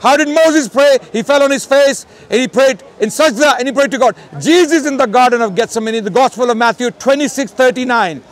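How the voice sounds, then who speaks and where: Loud insistent man debating outdoors. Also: very high voice, a little fast, few pauses. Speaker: street debater. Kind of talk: public street debate. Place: outdoors on a city street.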